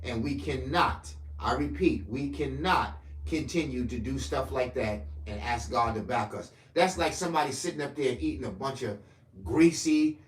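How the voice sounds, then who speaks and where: A man delivering a profane ranting political monologue to camera, swinging between loud outbursts and low mutters. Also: moderate pace, roomy sound. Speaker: political commentator.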